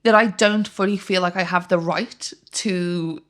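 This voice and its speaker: A woman's voice: fairly low pitch, steady tone, measured pace, a bit bright. A woman with a Welsh accent, co-hosting a podcast in casual chat, telling stories and laughing often. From Wales. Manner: chatty storyteller, laughs often. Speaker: podcast co-host.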